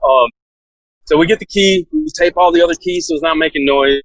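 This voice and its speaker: A man's voice: a little high, brisk, no room sound, poor audio. A man telling a story in a casual, laid-back way, full of "like" fillers and laughing now and then. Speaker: podcast guest, SWAT officer.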